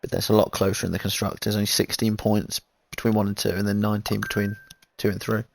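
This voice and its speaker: Slight background noise sits under a man's quick, flat, creaky, lowish voice as he loosely narrates an online racing league. He's recovering from a kidney infection and keeps reading chat messages aloud as the races unfold.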